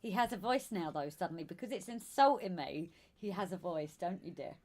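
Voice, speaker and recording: A woman with a Southern English accent co-hosting a casual live stream, greeting viewers by name and calling them darling. Her voice is going hoarse. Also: lowish voice, lively intonation, fairly quick, a little mellow. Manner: chatty, calls viewers darling and sweetheart. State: losing her voice. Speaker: live stream co-host reading chat.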